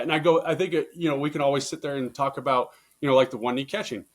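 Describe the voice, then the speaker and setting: A man, a baseball coach, talking through coaching stories in a casual interview, getting louder and higher when he presses a point and swearing casually. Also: fast, hardly any pauses. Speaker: baseball coach, podcast guest. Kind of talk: casual conversational storytelling.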